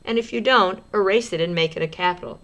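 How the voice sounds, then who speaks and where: A woman teacher giving a writing lesson to young children, sounding out words slowly as she writes and encouraging them gently. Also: mid-range voice, dull audio.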